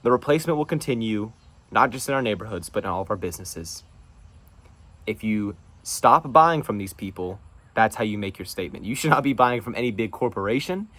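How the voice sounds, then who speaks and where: A man from North Carolina holds forth in a solo monologue for his show. His voice sits a little low, and he talks in an emphatic, preachy way, pressing hard on his points. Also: lively intonation, brisk, a bit bright. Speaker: show host. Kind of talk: political monologue.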